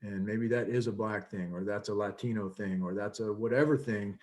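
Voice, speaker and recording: A man's voice: on the low side, fairly even intonation, brisk, a little mellow. A man in his fifties, a coach giving a casual lecture over a video call, talking earnestly with many fillers and restarts.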